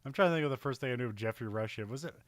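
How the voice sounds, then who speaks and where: A man co-hosts a casual film podcast, rambling through his thoughts at a very fast clip, laughing often and getting animated when excited. His voice is mid-range and the recording is dry.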